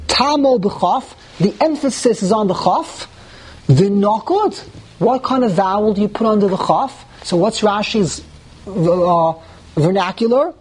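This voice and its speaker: A man teaching a Talmud class to students in a room, animated and repeating words as he thinks aloud, often asking the class questions and answering them himself. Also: high voice, unhurried, a little hiss or hum. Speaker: Torah teacher.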